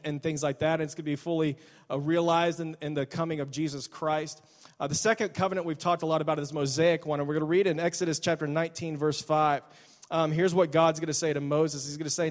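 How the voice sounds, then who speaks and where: Male pastor, chatty sermon delivery, slightly high voice, long church reverb. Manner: casual, storytelling, animated with many restarts. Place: church sanctuary.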